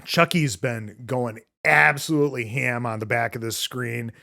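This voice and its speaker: A man's voice: mid-range voice, steady tone, unhurried, vocal fry, pushed and bright. A man hosting a podcast, recapping a film in casual chat, rambling with many filler words and free swearing. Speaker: podcast host.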